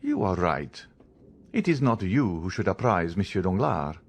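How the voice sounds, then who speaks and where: A man's voice: low voice, big pitch swings, a little slow, full character voice. A man reading the part of a stern, commanding count disguised as a priest, questioning in an audiobook. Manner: commanding, interrogating.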